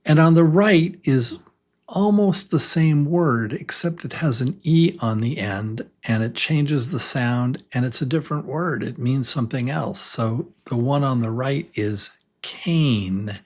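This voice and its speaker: A man with a mid-range voice gives an enthusiastic beginner English lesson, repeating words slowly so learners can say them with him.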